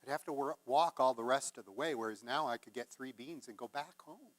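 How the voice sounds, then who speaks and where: A man's voice: mid-range voice, a little fast, lightly acted. A man doing foolish young Jack. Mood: eager. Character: foolish, scattered boy named Jack.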